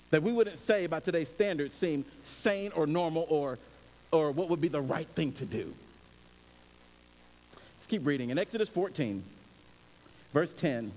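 A pastor preaches a sermon casually, telling stories and acting out little scenes with animated, conversational energy. His high voice swings widely in pitch, and the hall adds long reverb and a faint hiss.

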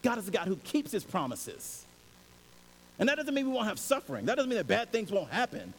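Male pastor, sermon, lively swooping delivery, high voice, echoing hall. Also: a little fast. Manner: animated and conversational, acts out scenes. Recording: reverberant hall, faint hiss.

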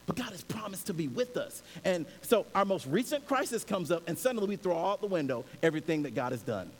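Speaking fast, a male pastor delivers a storytelling sermon, acting out small scenes in an animated, conversational way. His voice is high with wide pitch swings, set against long hall reverb and a faint hiss.

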